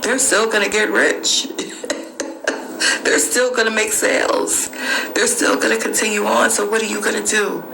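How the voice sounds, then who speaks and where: A woman's voice: medium pitch, steady tone, measured pace, gravelly. A woman podcast host giving an emphatic, repetitive motivational spiritual monologue. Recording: noisy screen recording.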